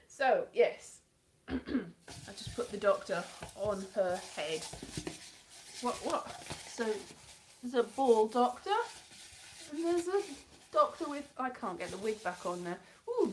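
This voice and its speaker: A woman hosts a casual live stream from home, talking in a rambling, chatty way. Her voice sits a little high and swings widely in pitch. She slips into playful voices now and then to mimic characters. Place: indoors at home.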